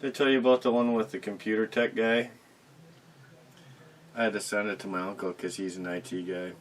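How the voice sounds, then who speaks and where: A man's voice: on the low side, level tone, a little fast, poor audio. A man co-hosting a casual podcast, chiming in with blunt, jokey remarks. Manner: blunt, jokey interjections with swearing. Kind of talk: casual chat.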